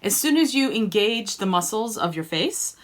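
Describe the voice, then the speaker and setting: A woman's voice: medium pitch, very animated, moderate pace. A woman singing teacher coaching students by name in an online group lesson, encouraging them and demonstrating sung vowels.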